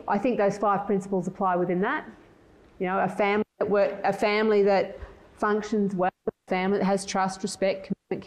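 A middle-aged woman giving a conference presentation in a measured, thoughtful way, often restarting her sentences. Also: medium pitch, darkish tone, poor audio. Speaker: conference speaker.

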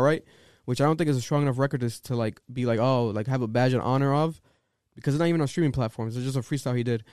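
A man co-hosting a casual podcast chat, animated and profane, who often slips into rapping and mimicking people. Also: medium pitch, quick pace, smooth, dry recording, studio quality.

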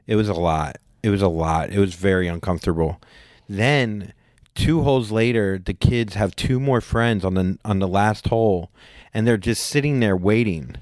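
Animated man in his forties telling stories. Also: lowish voice, moderate pace, no echo, clean studio sound. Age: 40s. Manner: animated storyteller who acts out quotes in a raised voice. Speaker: podcast co-host. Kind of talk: casual storytelling chat.

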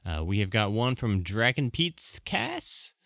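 A man's voice: on the low side, huge pitch swings, slow pace, creaky, a bit bright, no echo, studio quality. A man hosting a podcast, rambling through announcements and apologizing as he goes. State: out of breath. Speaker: podcast host. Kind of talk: casual podcast outro.

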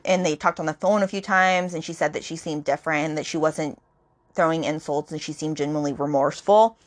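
A chatty woman hosting a book podcast, talking casually and filling her retelling with fillers and quoted dialogue. Her voice sits a little low for a woman. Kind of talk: casual book review chat.

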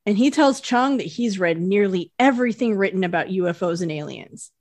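A woman's voice: mid-range voice, fairly quick, no echo. A woman with a mid-range voice co-hosting a podcast, walking through a TV episode in an easy, conversational way. Her recording sounds dry and close to the mic. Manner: relaxed storytelling, retells scenes in plain narration. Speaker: podcast co-host. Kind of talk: casual recap chat.

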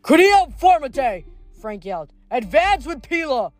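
A reader playing a young Roman officer, hurt but commanding, who barks Latin orders in a raised, strained voice. Soft music plays behind him in this storybook reading. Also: male voice, high voice, moderate pace, natural voice.

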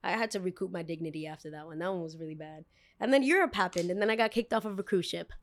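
A woman hosting a podcast, telling a story in a rambling, expressive way and swearing casually. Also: lowish voice, fast talker. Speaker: podcast host.

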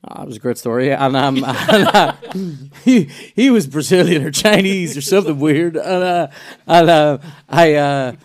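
A man's voice: a little high, lively intonation, normal speed. A Northern Irish man telling loose, rambling stories in casual podcast chat, with restarts and swearing.

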